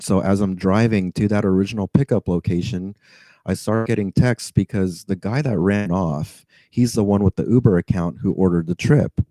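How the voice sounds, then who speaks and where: A man on edge vents a long grievance, sighing, stammering and swearing. His voice sits low and very dark. The sound is close and dry. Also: dry recording, rough recording. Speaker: rideshare driver. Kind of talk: venting story to camera.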